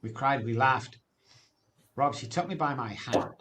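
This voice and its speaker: Man, 60s, emphatic testimony, frequent "man", middling pitch. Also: measured pace, fairly bright tone. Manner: emphatic, addresses the host often, ends phrases with "man". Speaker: guest sharing his recovery testimony. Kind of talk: emotional personal storytelling.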